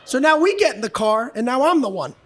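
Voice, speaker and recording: Male stand-up comic, very high voice, profane rants, live club recording, audience noise. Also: big pitch swings, quick pace. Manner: loud, profane, acts out both sides of arguments. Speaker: stand-up comedian. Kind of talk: stand-up comedy set.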